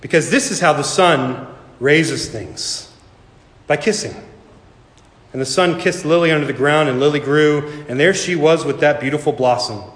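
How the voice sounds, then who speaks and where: Earnest pastor with echoing hall. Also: male voice, on the high side. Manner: earnest, slow, falling soft for emphasis. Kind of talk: sermon with storytelling. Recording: echoey hall reverb.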